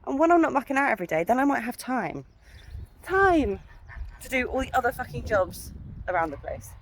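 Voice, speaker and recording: A woman's voice: a little high, lively intonation, fast talker. A woman in her thirties, a horse owner, chatting bluntly and swearing freely in a casual ranting vlog from an outdoor yard.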